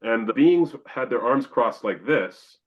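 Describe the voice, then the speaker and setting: A man's voice: medium pitch, animated, unhurried, lo-fi sound. A man from Canada, a podcast guest, telling a long personal story and acting out his own exclamations.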